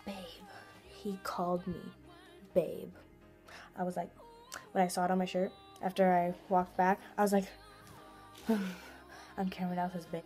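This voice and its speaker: A woman's voice: fairly low pitch, flat delivery, a little slow, long pauses, a little mellow, soft background music. A teenage girl telling a vlog story in a giddy, gushing way, full of "like" fillers. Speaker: vlogger.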